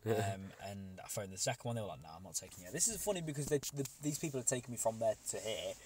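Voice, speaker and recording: A man's voice: lowish voice, lively intonation, quick pace, a little mellow, slight background noise. A young man, co-hosting a podcast and telling a long, rambling story with casual swearing. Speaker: podcast co-host.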